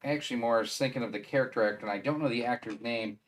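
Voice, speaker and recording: Wisconsin guy streaming live, rambly and chatty, talks himself through a build, mid-pitch voice. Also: rapid-fire. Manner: rambling, chatty, thinks aloud mid-task. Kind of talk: casual live-stream chat while assembling.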